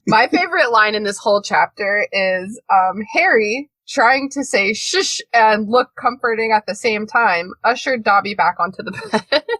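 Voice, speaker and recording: Bright, animated woman podcaster. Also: mid-range voice, a little slow, dry recording. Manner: animated, laughs often, swears. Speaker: podcast co-host. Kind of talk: casual chat.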